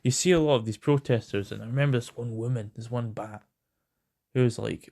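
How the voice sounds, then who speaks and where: A man's voice: mid-range voice, a little fast, gravelly, warm tone. Rambling, sweary British man. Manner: rambling and sweary, full of ums. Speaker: host. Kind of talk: casual news rant.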